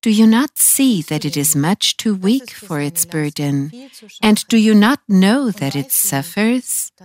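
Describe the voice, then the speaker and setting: A woman reading the words of a gentle, compassionate male teacher who rebukes cruelty, in a solemn, measured way. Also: mid-range voice, animated. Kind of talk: scripture reading.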